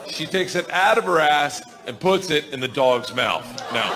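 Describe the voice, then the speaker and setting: A man doing stand-up storytelling on a club stage, rowdy and profane, often shouting. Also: fairly high pitch, expressive, normal speed, few pauses. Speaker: stand-up comedian. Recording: stand-up club, crowd laughter, noise.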